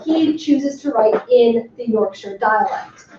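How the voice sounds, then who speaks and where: A woman giving an academic talk to a workshop audience, speaking with enthusiasm and emphasis and filling pauses with frequent ums. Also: on the high side, warm tone. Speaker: lecturer. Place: lecture room. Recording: far from the mic in an echoey room, dull and slightly noisy.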